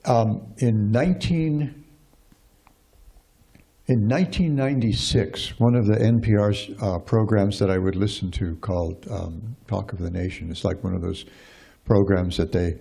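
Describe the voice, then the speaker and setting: A man with a low, gravelly voice gives a scripture class. His tone is dark and a little husky, and he rambles along with lots of fillers and restarts. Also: measured pace. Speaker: speaker giving a scripture class.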